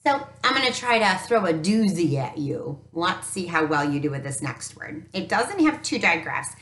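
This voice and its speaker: A woman teacher giving a recorded phonics lesson to young children, upbeat and encouraging, sounding out each letter slowly. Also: deep voice, a bit bright. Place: home teaching space with an easel. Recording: echoey room.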